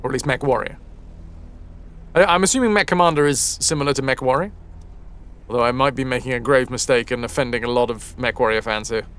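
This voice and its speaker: A man's voice: medium pitch, fast, fairly bright tone, smooth. A man streaming a game, chatting casually with viewers, reading game text aloud and swearing now and then. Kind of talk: casual gameplay commentary with chat. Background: faint game music.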